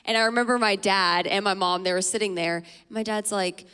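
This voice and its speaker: Young woman on a church stage, chatty, tells stories acting out quotes, medium pitch. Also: a little fast, clear, resonant tone, long reverb tail. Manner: chatty, animated story with acted quotes. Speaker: guest speaker. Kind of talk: storytelling in a sermon. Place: church stage before an audience.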